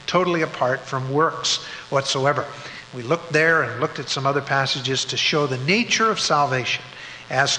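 A man's voice: fairly high pitch, sharp tone. A man teaching a church Bible study, working through his points in order and sometimes restarting a phrase. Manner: methodical, lists points, occasional restarts. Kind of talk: sermon-style Bible teaching. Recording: echoey hall with faint hum.

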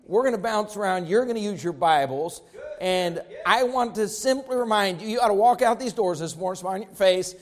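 Male preacher, high-pitched, emphatic sermon delivery with repetition. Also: lively intonation, brisk. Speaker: pastor.

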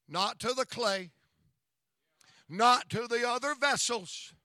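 Man, middle-aged revival preacher, high bright voice, slow rhythmic delivery, call-and-response. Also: dry recording, studio quality. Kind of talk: revival sermon. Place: church.

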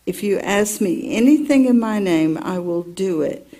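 A woman's voice: mid-range voice, expressive, warm tone. A woman teaching from the Bible, reading the passage aloud and telling her own story around it in an earnest way. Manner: slow, earnest storytelling with personal asides.

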